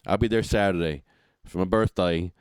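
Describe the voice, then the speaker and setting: A man hosting a casual call-in radio show, joking and animated. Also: deep voice, normal speed, clean tone, dry recording, clean studio sound. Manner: joking, animated, self-mocking. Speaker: host.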